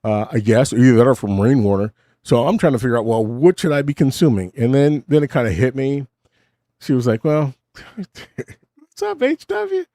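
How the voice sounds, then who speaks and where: A man's voice: mid-range voice, brisk, mellow, no room sound, studio quality. A middle-aged man hosting a casual late-night monologue at his desk, rambling and self-mocking. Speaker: host. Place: home desk.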